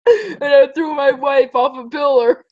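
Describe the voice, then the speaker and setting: A goofy male unicorn prince from a cartoon drawls along in a slow, dopey voice, as a woman fakes a boy's tone. The audio sounds muffled and dull. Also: high voice, steady tone. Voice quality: slow, deliberately dopey boy voice.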